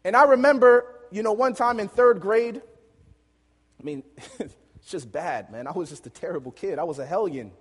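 A man preaching and telling a lively personal story, laughing often as he goes. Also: high voice, normal speed. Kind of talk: storytelling sermon. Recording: long hall reverb.

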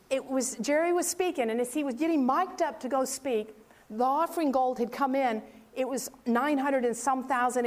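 An older woman preaching, telling a story with lively acted-out dialogue. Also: high-pitched. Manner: animated storyteller acting out dialogue. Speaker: speaker. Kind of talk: sermon storytelling.

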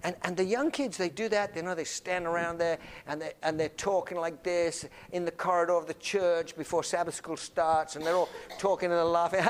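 A man giving an anecdotal classroom lecture, acting out little dialogues and often repeating words as he talks. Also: a little high. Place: lecture room filmed on camera.

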